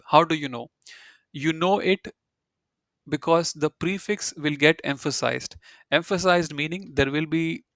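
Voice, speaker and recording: A man's voice: mid-range voice, a bit bright, no echo, clean studio sound. A man teaching a German grammar lecture in a conversational way, with many fillers and restarts, reading out example sentences. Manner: conversational, frequent "you know" fillers and restarts.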